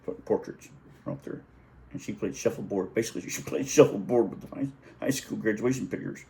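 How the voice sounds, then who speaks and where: A man's voice: sits low, warm tone, slight background noise. A middle-aged man telling a family story in a casual, rambling way, often correcting himself and chuckling as he goes. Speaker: vlogger.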